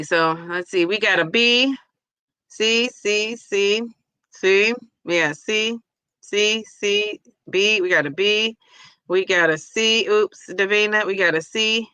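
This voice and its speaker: A woman's voice: medium pitch, slow, sharp tone, clear, resonant tone, no room sound. A woman hosting a casual livestream, chatty and laughing easily as she reads a quiz and viewer comments aloud. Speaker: livestream host.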